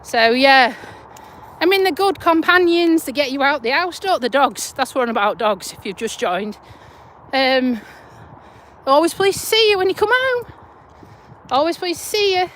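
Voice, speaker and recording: Speaking into a handheld phone, a woman live streams while she's out walking her dog in the city, keeping it casual and down-to-earth with occasional swearing. She has a high voice with a fairly bright tone. There's a little hiss or hum, and the recording is rough.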